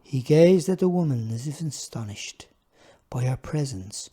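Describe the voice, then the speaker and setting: Mellow-voiced man reading his memoir. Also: medium pitch, animated, a little slow, husky. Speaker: author narrating his own book. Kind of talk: audiobook narration.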